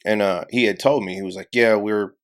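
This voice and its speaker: A man's voice: lowish voice, brisk. A young adult man co-hosting a podcast, telling a story in casual chat and acting out the people he quotes. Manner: animated storyteller, acts out quotes, heavy profanity. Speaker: podcast co-host.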